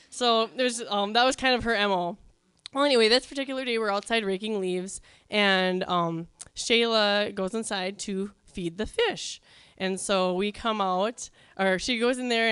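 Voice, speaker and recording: Woman, storyteller, live story night, wry, self-mocking, chatty, smooth clear voice, dry close sound. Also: medium pitch, moderate pace, a bit bright, no room sound.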